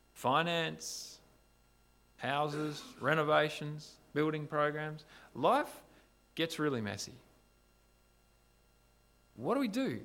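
A male pastor preaches a sermon, telling the story in a lively, animated way and putting rhetorical questions to his listeners. His voice sits a little high, with a gravelly, fry-laden texture.

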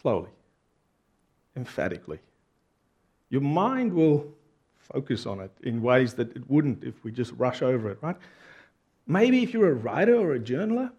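A man's voice: medium pitch, a little mellow, breathy edge. Earnest man preaching. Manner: earnest, conversational preaching with frequent rhetorical questions. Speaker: pastor. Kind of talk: sermon.

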